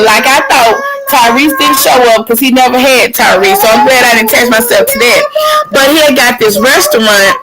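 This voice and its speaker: A woman's voice: fairly high pitch, very noisy. A woman hosting a livestream show in casual chat, telling a story and laughing with her co-host.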